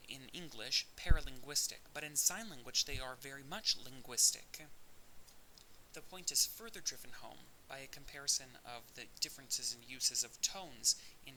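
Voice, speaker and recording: A man with a mid-range, slightly bright voice records an audio lecture at normal speed, explaining things step by step and occasionally restarting. The audio-only recording is low quality, with a faint hiss.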